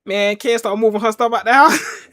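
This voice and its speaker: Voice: medium pitch, moderate pace, fairly bright tone. A show reviewer casually retelling a scene in slangy talk, laughing often and acting out quotes.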